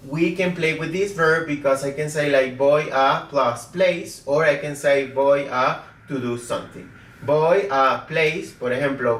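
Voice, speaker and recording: A man's voice: a little high, far from the mic. A man teaching a casual online lesson, chatty, often checking in with "okay?" and "guys". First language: Spanish. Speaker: Spanish teacher. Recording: roomy echo, mic set back.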